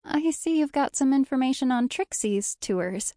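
A woman voicing a prim young female tour guide, speaking in a bright, sugary manner. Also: animated, moderate pace, no echo, studio quality, close to an everyday voice. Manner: bright, sugary, higher-pitched.

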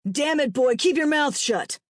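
A woman doing a defiant gruff dad, hollering, raised loud voice, dry sound. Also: sits high, animated, normal speed, dry recording, pitched above the performer's own voice. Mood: angry. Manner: hollering, barking. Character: hostile gruff father, shouting and defiant.

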